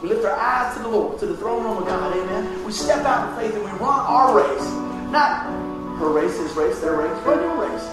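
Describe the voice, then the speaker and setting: A man preaching a sermon as pastor, telling a hospital story in an animated way and acting out the voices. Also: high-pitched, moderate pace, over loud music. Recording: echoey room from a distance.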